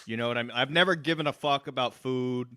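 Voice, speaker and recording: A man's voice: medium pitch, a bit bright, clear, resonant tone, no room sound, clean studio sound. A man co-hosting a casual podcast, rambling and swearing as he tells stories. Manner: rambling, profane, quick laughs. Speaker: podcast co-host.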